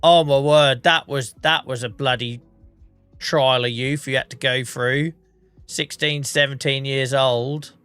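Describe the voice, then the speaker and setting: Soft background music sits under his measured, steady speech, which is mid-range, a bit bright and clean in tone. He's a Norfolk man in his forties, under the weather and coughing as he casually streams a farming game, cursing and cracking self-deprecating jokes.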